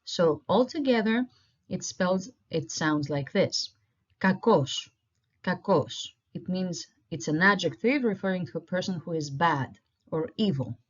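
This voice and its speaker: Patient woman teaching, slightly low voice. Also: lively intonation. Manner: patient, repeats words slowly for learners. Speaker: language teacher. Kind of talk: online language lesson. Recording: dull lo-fi recording.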